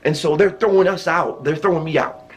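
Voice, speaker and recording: A man with a slightly raised pitch tells a story on his own vlog. He talks in a loose, rambling way, full of fillers and restarts, and keeps chuckling between phrases. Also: fairly quick, muffled recording. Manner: chuckles often while telling a story. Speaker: channel host.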